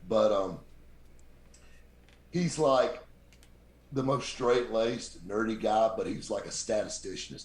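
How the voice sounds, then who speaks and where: A man with a very deep voice, telling lively stories as a podcast guest and acting out the people he quotes. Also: takes it slowly, pauses often. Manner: animated anecdote-teller, acts out quoted people. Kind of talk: casual storytelling. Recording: roomy echo.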